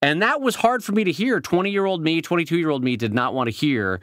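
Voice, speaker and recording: A man's voice: fairly high pitch, expressive, a bit bright, no echo, clean studio sound. A man co-hosting a podcast, chatting casually with playful asides. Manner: chatty, playful asides, quick to laugh along. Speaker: podcast co-host. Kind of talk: casual chat.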